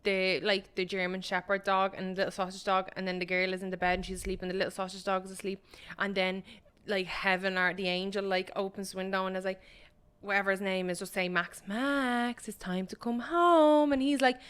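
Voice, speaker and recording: A woman's voice: mid-range voice, monotone, fast talker, a bit bright, clean tone. A woman co-hosting a podcast in casual chat, telling stories animatedly and swearing freely. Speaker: podcast co-host.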